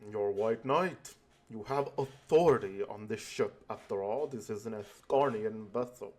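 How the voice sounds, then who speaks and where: A man reading the lines of a reluctant adventurer in a flat voice. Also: on the low side, a little slow. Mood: dry. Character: mute adventurer, dry and reluctant.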